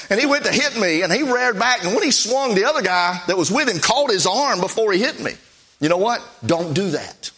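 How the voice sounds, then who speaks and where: A man who is a Baptist preacher, telling stories in a folksy, animated sermon with acted-out quotes. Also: high-pitched. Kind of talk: storytelling sermon.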